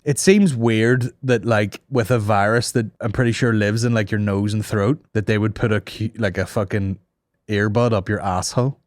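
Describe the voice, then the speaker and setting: A man's voice: lowish voice, no echo, clean studio sound. A young man hosting a casual comedy podcast, ranting and swearing in mock outrage. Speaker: podcast host.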